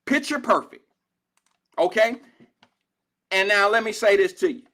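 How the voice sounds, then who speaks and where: A middle-aged talk show host from Cincinnati, USA, runs a live call-in show and rants at his critics in a fiery, profane, confrontational way. His voice sits high and is expressive, pushed and bright, with a slightly slow delivery.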